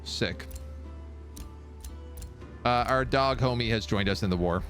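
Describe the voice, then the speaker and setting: A young man streaming a strategy game with casual, excitable live commentary. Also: mid-range voice, slow, faint music behind. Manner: casual, excitable, baby-talks to his cat.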